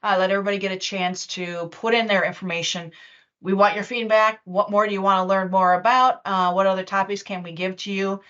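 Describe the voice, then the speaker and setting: A woman's voice: medium pitch, fairly even intonation, a little fast, fairly bright tone. Chatty woman presenting over dull call audio. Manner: chatty, loose, with many fillers and restarts. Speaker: webinar presenter and user group organizer. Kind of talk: casual live webinar demo. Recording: dull lo-fi online meeting audio.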